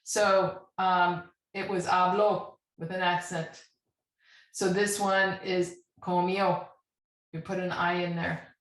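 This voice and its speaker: A woman's voice: fairly low pitch, flat delivery, takes it slowly. A woman teaching a Spanish grammar lesson, patient and checking in often as she spells out verb endings. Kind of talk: classroom lesson. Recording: echoey room.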